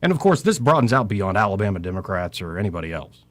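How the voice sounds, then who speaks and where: Low and fast, with big swings in pitch, this middle-aged man's voice carries passionate talk radio commentary. He preaches in a scripture-quoting style, his delivery rising and falling.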